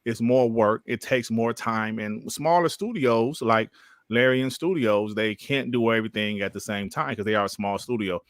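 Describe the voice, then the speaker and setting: A man's voice: fairly low pitch, normal speed, no echo, studio quality. A man hosting a casual gaming podcast, reading viewer messages aloud in a laid-back, slangy way and laughing often. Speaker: podcast host. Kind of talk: casual chat, reading super chats.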